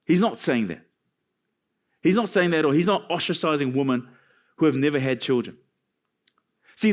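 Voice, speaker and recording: Animated, high-voiced male pastor preaching. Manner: animated preaching with jokes and asides. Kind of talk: sermon. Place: church.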